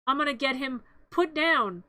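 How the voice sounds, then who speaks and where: A woman's voice: high voice, expressive, normal speed, pushed and bright, no echo. A streamer voicing a spiteful, cruel old rich woman who snarls exaggerated threats.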